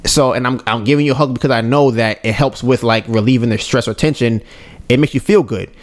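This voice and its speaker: A male podcast co-host with a medium-pitched voice talks a bit quickly as he tells a personal story in a relaxed, chatty way. He keeps checking in with listeners and animatedly acts out both his own lines and other people's.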